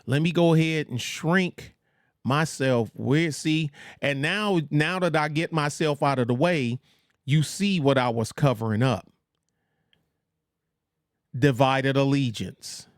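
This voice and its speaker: A man's voice: fairly high pitch, slow, no echo, clean studio sound. A man hosting a casual livestream, rambling with blunt, trash-talking asides. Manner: mocks others in put-on voices. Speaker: livestream host.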